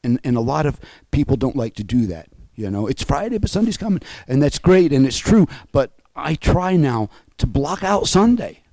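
A man's voice: mid-range voice, big pitch swings, normal speed, hardly any pauses, warm tone, no echo, poor audio. A man preaching an emotional, fervent sermon over an online call. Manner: emotional and fervent, voice rising and falling.

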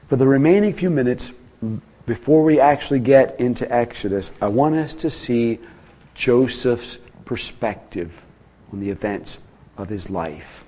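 Preaching from the pulpit, this man shifts dynamically between hushed, low-pitched passages and forceful, louder moments.

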